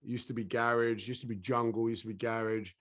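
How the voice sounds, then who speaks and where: Middle-aged British man, laid-back guest, easy laugh, mid-pitched voice. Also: fairly quick. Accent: British English. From England. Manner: relaxed, laughs easily, slips into voices. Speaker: actor guest. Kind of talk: casual interview chat.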